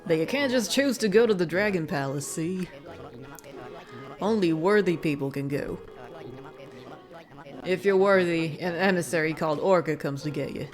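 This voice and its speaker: A woman's voice: lowish voice, moderate pace, long pauses, close to an everyday voice. A woman voicing a folksy old fisherman with a put-on American Southern drawl, reading game dialogue aloud.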